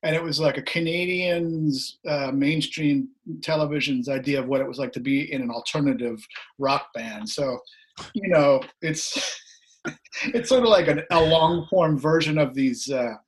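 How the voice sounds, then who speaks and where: A middle-aged musician appearing as a guest tells a story in relaxed conversation, laughing a lot and performing the voices of the people he quotes. His voice is slightly rough and a little high, with a measured pace.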